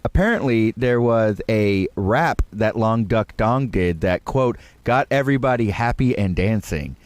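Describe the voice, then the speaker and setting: A man in casual podcast chat, sharing trivia with lively laughs. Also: lowish voice, unhurried. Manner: animated, laughs while telling trivia. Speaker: guest.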